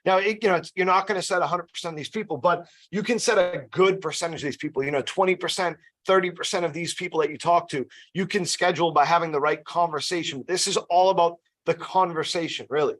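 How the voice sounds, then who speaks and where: A man's voice: on the high side, fast talker, hardly any pauses, a bit bright. A man running a casual sales training session, chatty and loose, often checking in with "you know" and "right?". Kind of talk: casual team training talk.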